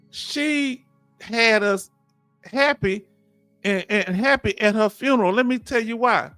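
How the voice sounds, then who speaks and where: A man's voice: high voice, fairly bright tone, dry recording. A man hosting a casual live chat, reading viewer comments and telling folksy family stories. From Texas. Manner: folksy, storytelling, reads chat aloud. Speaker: host.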